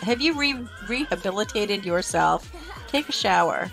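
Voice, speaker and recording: A woman's voice: medium pitch, lively intonation, normal speed, creaky. Gushing woman streamer over game music. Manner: gushing, talks to her game characters. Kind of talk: live-streamed gameplay commentary.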